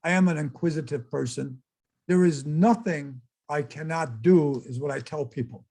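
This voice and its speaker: A man's voice: a little high, normal speed, warm tone, breathy edge. An older man giving a casual, chatty slideshow talk and exclaiming to his audience as presenter. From United States.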